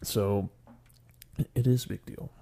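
A man's voice: lowish voice, steady tone, takes it slowly, creaky, mellow. A young man telling a rambling, profane story on a casual podcast as its co-host.

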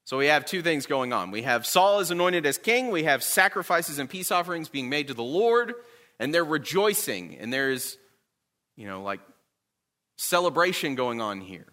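A man's voice: on the high side, sing-song, moderate pace, bright, forceful tone. A man teaching a Bible class in a conversational way, often checking in with his listeners.

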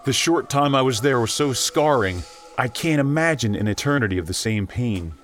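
A man reading a horror story aloud as narrator, emotive and shifting between tense and hushed tones. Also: mid-range voice, expressive, moderate pace. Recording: music bed under the voice. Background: background music.

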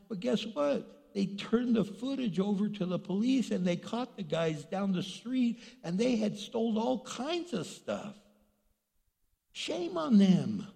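Pastor guy preaching, voice jumps all over, kinda high, big echoey church sound. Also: gravelly, slightly rough. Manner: animated storytelling, acting out quoted voices. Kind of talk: sermon. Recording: long reverb of a large hall.

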